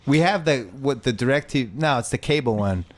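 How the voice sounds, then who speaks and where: A man's voice: mid-range voice, fairly quick. Man hosting a casual sports podcast. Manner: relaxed, conversational, asks questions. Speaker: podcast host. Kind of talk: casual interview chat.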